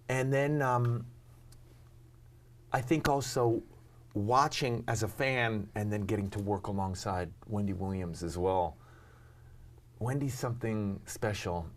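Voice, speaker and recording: A man's voice: mid-range voice, a little mellow. Rambling self-deprecating man. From New York. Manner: rambling, self-deprecating, many ums and restarts. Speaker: actor and talk show host, guest. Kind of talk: casual interview chat.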